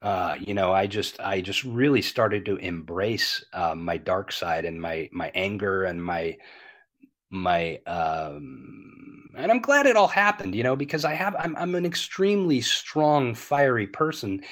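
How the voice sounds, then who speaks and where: A man in his fifties talking candidly as an interview guest, earnest and animated, filling with "you know" and swearing freely. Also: on the low side, a little slow.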